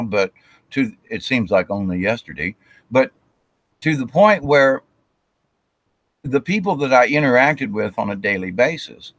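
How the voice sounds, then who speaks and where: Man, spiritual talk, rambling, mid-pitched voice, dry close sound. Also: fairly bright tone, dry recording. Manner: rambling, with restarts and acted quotes.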